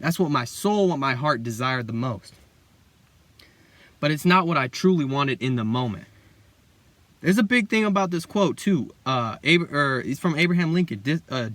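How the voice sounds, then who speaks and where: A young man delivers a casual motivational monologue in a loose, rambling way, full of slang and "bro". His voice sits a touch higher than most men's. The sound is dry and close, with no room echo. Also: animated, normal speed, a bit bright. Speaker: self-improvement video host.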